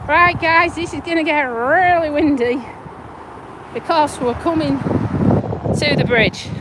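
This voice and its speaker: A woman's voice: high voice, takes it slowly. Chatty woman on a windy walk. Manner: chatty, self-mocking, swears casually, chuckles often. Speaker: vlogger. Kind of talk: casual live-stream chat while walking. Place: outdoors on a windy walk near roads. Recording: wind and traffic noise outdoors.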